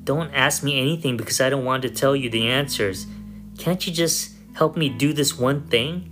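A man's voice: mid-range voice, slow, faint music behind, natural voice. A man reading a desperate tormented woman. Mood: fierce.

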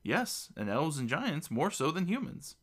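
A man's voice: a little high, sing-song, a little slow, a bit bright, voice pushed up, full character voice. A man voicing a female gnome knight who answers in a patient, matter-of-fact way. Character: calm woman gnome knight, dry and patient.

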